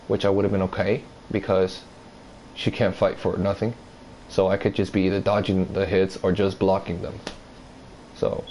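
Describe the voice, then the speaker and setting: Low-voiced man ranting through a story. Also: a little hiss or hum, rough recording. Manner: rambling, profane, animated retelling; acts out others' lines in a higher voice. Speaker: vlogger telling a story. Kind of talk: casual storytime.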